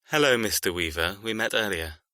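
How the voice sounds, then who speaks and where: A man's voice: animated, sharp tone, dry recording, studio quality. A man voicing a cold, menacing controller. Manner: low, slow, threatening. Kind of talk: audiobook character reading.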